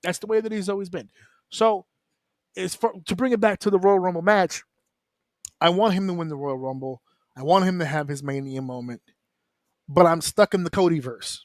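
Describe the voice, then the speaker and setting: A man on a wrestling round-table show, talking casually and bluntly, swearing freely and breaking into quick mimicry of the people he discusses. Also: high voice, no room sound, clean studio sound. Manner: animated, profane, mimics wrestlers in quick asides. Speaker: wrestling podcast panelist.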